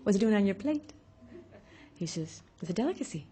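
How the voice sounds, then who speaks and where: A woman's voice: medium pitch, a little fast, husky. A woman of Mexican heritage giving a public talk on community, telling anecdotes and acting out the voices of people she quotes. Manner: animated storyteller, acts out quoted voices. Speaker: speaker on community advocacy.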